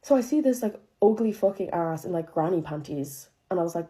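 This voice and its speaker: A woman's voice: on the low side, animated, a little fast, few pauses, mellow. A young woman telling a dramatic personal story in a casual, profane way, full of filler words and disbelief. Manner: profane, chatty, heavy use of filler "like"; incredulous, dramatic retelling.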